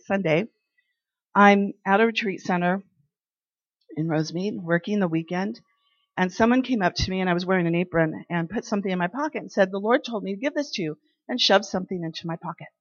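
Woman telling church testimony stories, acts out the voices, mid pitch, dry kinda muffled recording. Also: fairly quick, no room sound. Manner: animated, acts out dialogue in her stories. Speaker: speaker sharing a faith testimony. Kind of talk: personal devotional storytelling. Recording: dry, slightly dull lo-fi sound.

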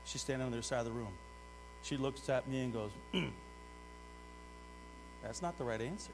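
A middle-aged man preaching a sermon, swinging between loud urgent exhortation and hushed asides while putting direct questions to the congregation. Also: medium pitch, fairly even intonation, fast. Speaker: pastor. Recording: long hall reverb with mains hum.

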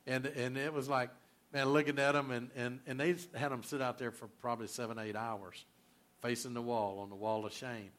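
A male pastor preaching a sermon, emphatic and repetitive, swinging between loud and quiet. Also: mid-range voice, level tone, moderate pace.

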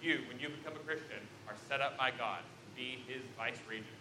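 A man preaching a sermon to his congregation, telling Bible stories with big swings between loud and soft. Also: medium pitch, brisk, background noise. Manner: animated storytelling with sharp swings in loudness. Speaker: pastor. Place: church sanctuary. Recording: roomy church echo.

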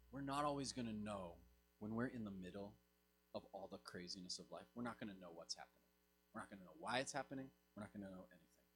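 A man preaching a sermon as pastor, swinging from loud emphatic lines to soft low asides. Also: a little hiss or hum.

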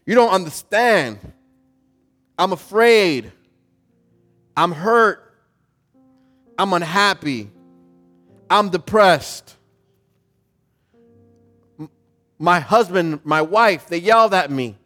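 A man's voice: high voice, animated, slow pace, pauses often, pushed and bright, soft background music, heavily acted. A man voicing a frightened young soldier who stammers and whines that he does not feel like fighting. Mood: whining. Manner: hesitant, stammering and whining.

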